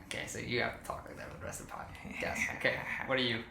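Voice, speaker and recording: A man's voice: mid-range voice, level tone, fast, gravelly, reverberant, noisy background. A man acting as game master, explaining the rules in a rambling way, full of fillers and restarts. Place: room shared with players.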